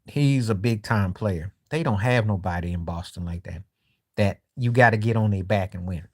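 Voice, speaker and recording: A man hosting a live stream from his phone, talking basketball opinions in a blunt, skeptical way, with lots of rhetorical questions and frequent throat clearing. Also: fairly low pitch, moderate pace, a little mellow. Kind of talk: casual basketball opinion talk. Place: walking while streaming.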